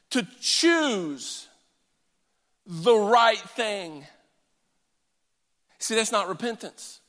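A man preaching a sermon in an earnest, emphatic way, swinging between loud declarations and hushed asides. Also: sits high. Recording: long hall reverb.

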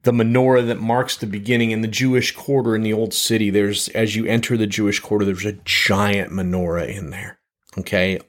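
Low-voiced man preaching conversationally. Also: steady tone, fairly quick. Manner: conversational, frequent "okay?" check-ins and self-restarts. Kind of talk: podcast teaching.

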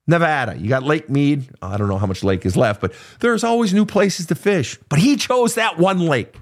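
A man's voice: on the high side, expressive, normal speed, hardly any pauses. A man from Minnesota hosting an advice podcast, answering listener questions in a blunt, profane, casual way.

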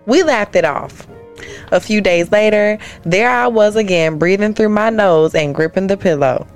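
A woman's voice: medium pitch, moderate pace, soft background music. A woman guest co-host on a comedy podcast, reading a listener's letter aloud and breaking into playful asides and laughter.

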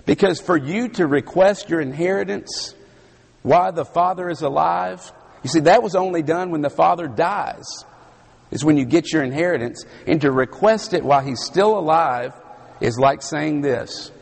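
A man preaching a sermon in a large hall, his voice slightly strained, speaking slowly and emphatically with dramatic pauses and a Southern US accent. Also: fairly high pitch, vocal fry. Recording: long hall reverb.

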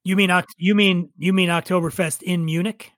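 A man's voice: high-pitched, fairly even intonation, normal speed, fairly bright tone, dry recording. A middle-aged man telling stories in casual chat, profane and opinionated. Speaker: podcast guest.

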